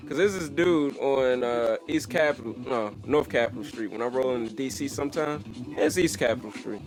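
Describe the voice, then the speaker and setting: A young man in casual brainstorming chat about a comedy show, telling stories in an animated, laughing way. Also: medium pitch, normal speed, over music, poor audio. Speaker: comedy writer.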